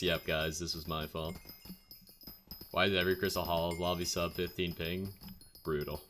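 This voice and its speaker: A man's voice: low-pitched, little pitch movement, moderate pace, long pauses, fairly bright tone, faint music behind. A man streaming a game, reading chat and answering it in a joking, self-mocking way. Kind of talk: casual livestream chat reading comments.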